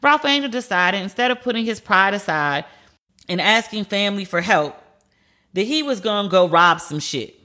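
A woman's voice: mid-range voice, animated, normal speed, bright, forceful tone. A woman hosting a podcast, giving blunt, profane and incredulous casual commentary on TV shows and the news.

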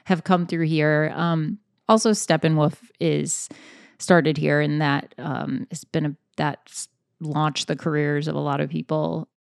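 A Chicago woman with a Chicago accent talks slowly and thoughtfully, pausing on fillers. Her voice is very low, with a gravelly edge, yet smooth and resonant. She is recorded close and dry. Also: no echo. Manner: thoughtful, hesitant with many fillers. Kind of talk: casual chat.

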